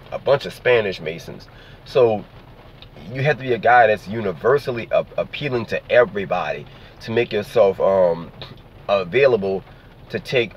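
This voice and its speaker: Low-voiced man rambling casually, lo-fi. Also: a little hiss or hum. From New Orleans, Louisiana. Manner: loose, profane, rambling, with frequent "you see what I'm saying". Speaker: vlogger. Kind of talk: casual monologue to camera. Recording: dull lo-fi sound.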